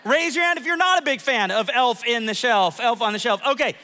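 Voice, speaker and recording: Pastor, forties, high voice, playful storytelling sermon in a big hall. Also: male voice, brisk. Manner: lively, self-mocking storytelling with audience polls. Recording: long hall reverb.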